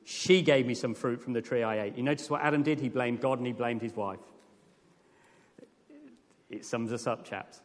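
Earnest preacher in a reverberant hall. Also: male voice, mid-range voice, moderate pace, long pauses. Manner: earnest, lively, rising to emphatic peaks. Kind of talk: sermon.

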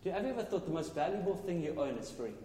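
A man preaching a sermon with loud, passionate, exclaiming delivery. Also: a little high, sing-song, racing, slight background noise. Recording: echoey hall, faint ambience.

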